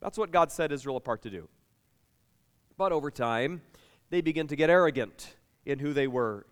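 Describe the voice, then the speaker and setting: Chatty pastor with a clear, resonant voice. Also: male voice, a little high, normal speed, big-room sound. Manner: lively, chatty storytelling with the congregation. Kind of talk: sermon with personal stories.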